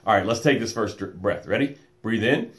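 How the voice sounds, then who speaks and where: A man hosting a live motivational stream, welcoming viewers by name and guiding slow breaths. He calls himself loud and boisterous. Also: fairly low pitch. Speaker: motivational coach and show host. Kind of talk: live-stream pep talk with guided breathing.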